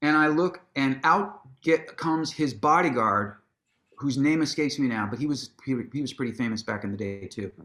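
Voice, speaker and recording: A man telling a long anecdote in an onstage conversation, casual and profane, acting out what people said with sudden jumps in his voice. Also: moderate pace. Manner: animated storyteller, acts out quotes with big pitch jumps; casual, swears freely, restarts sentences. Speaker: guest, musician and author.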